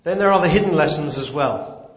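A man's voice: fairly high pitch, animated, a little fast. A man preaching a sermon and reading scripture, emphatic and repeating key phrases for weight. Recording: roomy, dull lo-fi sound.

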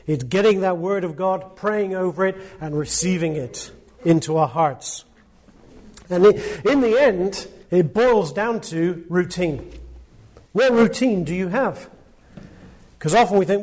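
A man preaching in a fairly high voice. He is earnest and emphatic, piling up repeated words and rhetorical questions as he builds each point of his sermon. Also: normal speed, a little mellow.

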